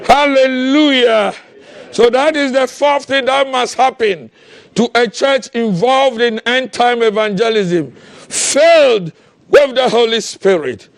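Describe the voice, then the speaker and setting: A man preaching a fiery sermon, impassioned and often shouting, with repeated calls to the congregation. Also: extremely high pitch, lively intonation, measured pace, gravelly, no room sound.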